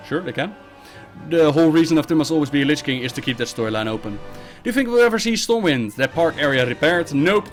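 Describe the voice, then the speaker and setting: A male streamer runs a casual live Q&A, reading questions from chat and answering them with short, blunt replies. His voice sits a touch high for a man and swings widely in pitch. Soft music plays faintly underneath. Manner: reads viewer questions aloud, then answers bluntly and briskly.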